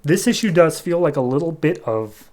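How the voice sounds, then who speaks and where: A man's voice: fairly high pitch, animated, normal speed, darkish tone. A man hosting a podcast, casually retelling a comic issue in a loose, chatty way. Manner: conversational, loose storytelling with frequent "he's like". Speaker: podcast host. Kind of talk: casual comic book recap.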